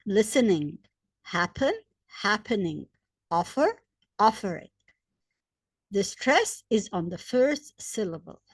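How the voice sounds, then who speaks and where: Slow, lively-voiced woman teaching grammar. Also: mid-range voice, dry recording, clean studio sound. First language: Arabic. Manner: spells out letters and repeats examples with emphasis; hesitant fillers between points. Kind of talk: slow, deliberate grammar lesson.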